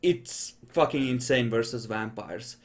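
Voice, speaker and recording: A man narrating a tabletop game as game master, laid-back and foul-mouthed. His voice sits in an ordinary middle pitch, and he describes the action in a loose, offhand way. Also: a little slow. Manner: casual, swears freely, offhand narration.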